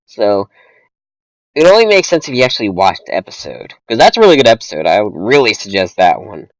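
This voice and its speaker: A man's voice: on the low side, big pitch swings, fairly quick, no echo, low-quality recording. A young man co-hosting a casual movie review chat, rambling with many fillers and restarts. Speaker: podcast co-host.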